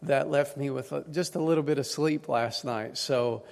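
A man's voice: mid-range voice, normal speed, gravelly, darkish tone. A man with an East Tennessee twang, a guest church leader speaking to a congregation in a tired, folksy, joking way. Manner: folksy, self-deprecating humor. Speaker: district superintendent, guest preacher. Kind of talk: sermon introduction. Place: church sanctuary. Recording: long church hall reverb.

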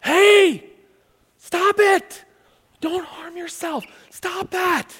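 Calling out high and loud, a preacher acting out an apostle urgently stops a man from harming himself. The voice carries with a long hall reverb. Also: very slow, full character voice. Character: apostle shouting urgently to a jailer.

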